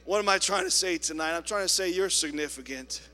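A man preaching a sermon in a church, telling a story with quoted voices and swinging between loud appeals and soft asides. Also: sits high, a little fast, big-room sound. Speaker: pastor. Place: church sanctuary.

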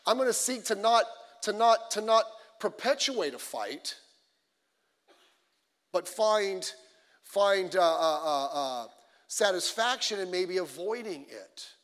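Pastor, man, high voice, chatty sermon delivery with acted-out quotes, echoing church hall. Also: takes it slowly. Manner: conversational, animated storytelling with acted quotes. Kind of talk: midweek sermon. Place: church sanctuary. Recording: long reverb of a church hall.

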